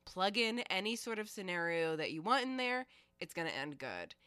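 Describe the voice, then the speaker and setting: Brief: woman podcast co-host, lowish voice, dry close sound, wry and emphatic. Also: big pitch swings, normal speed, sharp tone, clean tone, dry recording. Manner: wry, emphatic, swears casually. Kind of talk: casual comedic chat.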